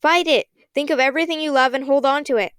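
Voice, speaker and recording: A woman's voice: on the high side, a little fast, clear, resonant tone, no echo, studio quality, close to an everyday voice. A woman voicing a brave, earnest boy in a read-aloud story. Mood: urgent. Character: brave determined boy leader.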